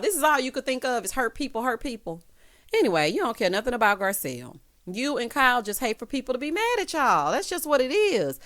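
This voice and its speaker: Woman, sassy recap vlogger, gossipy casual chat, dramatic pitch jumps, mid-range voice. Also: brisk. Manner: sassy, dramatic, peppered with honey and child; animated swoops in pitch for emphasis.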